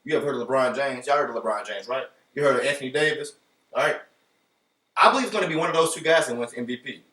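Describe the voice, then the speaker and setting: A man hosting a casual sports podcast, talking in an animated, playful way and speaking straight to his listeners. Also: medium pitch, fast, recorded from a distance. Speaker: podcast host. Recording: roomy echo, voice from off the mic.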